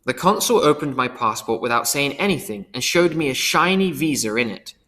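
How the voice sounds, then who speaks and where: An earnest man narrates an audiobook in the first person. His pitch is animated and expressive. A long hall reverb hangs after each phrase. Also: fairly quick. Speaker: audiobook reader.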